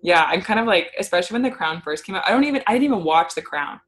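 A woman's voice: mid-range voice, animated, rapid-fire. Bubbly, giggly woman podcast co-host. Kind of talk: casual chat.

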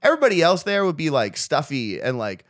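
A man's voice: a little high, wildly swooping pitch, quick pace, dry recording, clean studio sound. A young man from Maryland co-hosting a podcast, telling loose stories with plenty of swearing and laughter. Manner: laid-back, swearing, laughing storyteller. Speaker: podcast co-host. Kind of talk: casual podcast chat.

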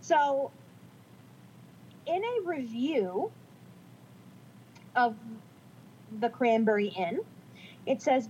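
A woman's voice: a little high, darkish tone, lo-fi sound, a little hiss or hum. A woman co-hosting a casual podcast, reading from notes in a chatty, self-deprecating way. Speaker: podcast co-host.

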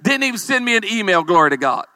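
A man, a pastor, preaching a humorous sermon with animated storytelling and calls for amens. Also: high voice, quick pace, no echo.

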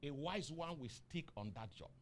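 A Nigerian man preaching a sermon, asking the congregation questions and rising into shouts on key lines. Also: on the high side, animated, moderate pace, a little hiss or hum. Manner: asks the crowd questions and waits for answers. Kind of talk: sermon with call and response.

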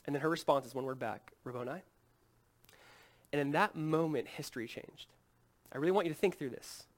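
A man preaching an Easter sermon as pastor, swinging between loud emphatic peaks and hushed, low passages, acting out quoted voices as he retells scripture. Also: fairly quick.

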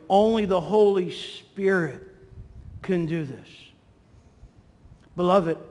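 A man preaching a sermon in a church hall, animated and acting out the voices in his stories. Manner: animated, acts out quotes with swings in pitch and volume. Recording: long hall reverb.

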